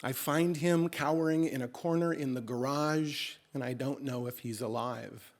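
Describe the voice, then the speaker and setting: A man telling a true first-person story live on stage at a story slam, animated and slipping in deadpan comic exaggeration. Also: mid-range voice, moderate pace.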